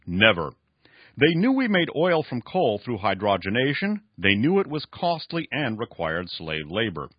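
A frail old scientist, put on by a male radio host, rasps out lectures in a raised, lively voice, proud of himself and short of breath. The sound is dry and dull, like lo-fi broadcast audio. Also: mid-range voice, unhurried, dry recording, pitched above the performer's own voice, heavily acted. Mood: lecturing.

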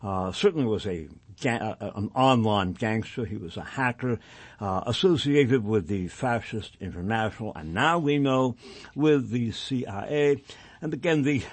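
A man's voice: medium pitch, expressive, moderate pace, no room sound. A male radio host reading passages aloud and adding sardonic asides on air.

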